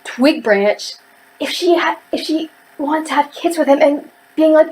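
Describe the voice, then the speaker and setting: A woman's voice: sits high, measured pace, a little mellow, poor audio. A woman ranting heatedly in a casual book review, rambling with lots of fillers and restarts.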